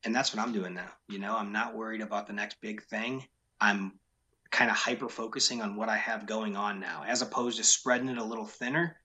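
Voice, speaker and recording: Man, business owner, low voice, bright forceful tone, frank, emphatic, casual interview. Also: steady tone, fairly quick. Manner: frank, emphatic, repeats key points.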